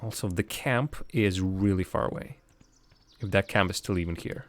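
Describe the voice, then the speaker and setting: A man's voice: low-pitched, moderate pace. A man giving casual, rambling commentary while streaming a game live, chatting with viewers and laughing often.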